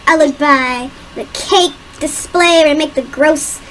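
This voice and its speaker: A woman's voice: sits high, measured pace, a bit bright, slight background noise. A young woman telling a rambling, self-mocking story in casual chat while drawing, often breaking into giggles.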